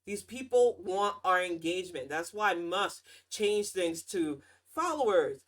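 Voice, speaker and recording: A woman hosting her own show, ranting in casual political commentary with a sarcastic, mocking tone and lively swings in pitch and loudness. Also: measured pace. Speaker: podcast host.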